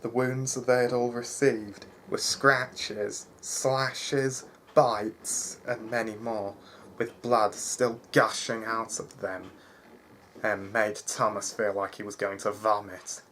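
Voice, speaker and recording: A man reading a fantasy story aloud in a halting way, with frequent restarts. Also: lowish voice, little pitch movement, fairly bright tone, slight background noise. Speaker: narrator.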